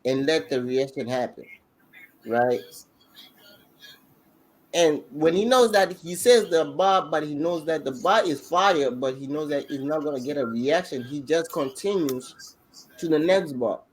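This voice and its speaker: A man co-hosting a podcast, telling the story in an excitable, slangy way, full of restarts. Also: on the high side, measured pace, poor audio. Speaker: podcast co-host. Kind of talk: casual chat recapping a battle rap event.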